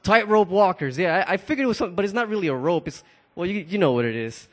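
A man with a high voice for his sex tells a story to a gathered audience in a loose, casual way. He often stammers, restarts and repeats words, and he speaks straight to his listeners. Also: expressive, fast, fairly bright tone.

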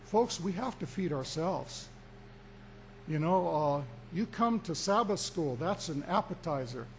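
A man preaching with a fairly high, light voice, drawing out his points slowly and pushing hard on key words. A faint hiss sits under the recording. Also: animated. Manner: emphatic preaching, slow deliberate pauses, rising for emphasis. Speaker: pastor. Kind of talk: sermon.

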